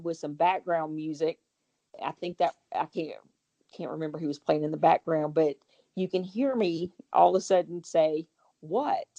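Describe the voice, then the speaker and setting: A woman, a guest homeowner, telling a ghost story in a chatty, rambling way with quick restarts. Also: fairly low pitch, mellow, highs cut off. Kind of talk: casual storytelling.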